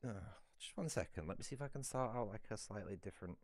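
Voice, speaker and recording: A man's voice: lowish voice, animated, fast, dry recording, studio quality. A British man chatting casually on a livestream, rambling and swearing freely.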